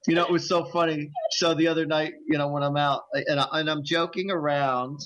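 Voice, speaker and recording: A man's voice: on the high side, steady tone, brisk, fairly bright tone, lo-fi sound. A man with a New Jersey accent hosting a talk radio show, telling stories in a chatty way and laughing often. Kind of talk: casual radio chat.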